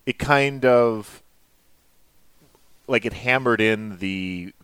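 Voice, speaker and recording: A man talking casually as a podcast producer, hesitant, restarting his sentences and trailing off softly. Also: medium pitch, extremely slow, clean tone, dry recording. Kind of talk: casual chat.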